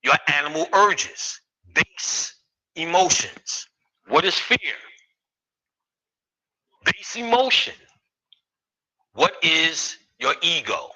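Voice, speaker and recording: A man's voice: a little high, sing-song, slow pace, long pauses, bright, forceful tone, rough recording. A man in his fifties giving a live lecture to an audience, joking and swearing as he riffs with the crowd. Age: 50s. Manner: profane, joking, riffing with the audience. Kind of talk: live comedic spiritual lecture.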